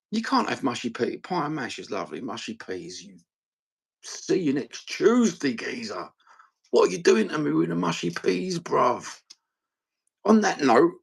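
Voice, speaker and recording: A middle-aged East London man chats on his live stream in a rough, gravelly voice with a husky edge. His talk is sweary and blokey as he rambles along in easy banter. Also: medium pitch.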